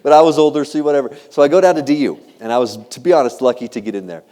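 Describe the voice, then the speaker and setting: A man's voice: mid-range voice, racing. 30s guy doing a funny keynote, bouncy up-and-down voice, self-deprecating, long hall echo. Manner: animated, self-deprecating, teasing the audience with questions. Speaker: keynote speaker. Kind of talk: humorous storytelling keynote. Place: large hall. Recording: long reverb of a large hall.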